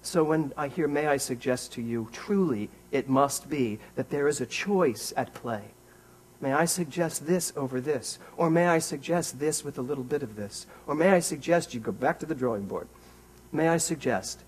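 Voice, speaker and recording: A man giving a conversational sermon as a minister in a church, animated and wry, talking straight to his congregation. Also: a little high, normal speed, breathy edge, rough recording.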